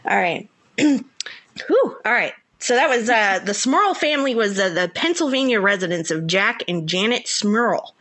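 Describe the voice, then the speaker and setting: A woman from the US South co-hosting a podcast in casual chat, giggly and animated while trying to sound professional. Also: medium pitch, moderate pace. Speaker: podcast co-host.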